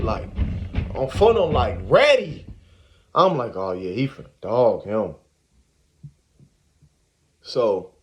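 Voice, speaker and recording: A man telling a story in a casual, animated, slang-heavy way, repeating the same filler words. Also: fairly high pitch.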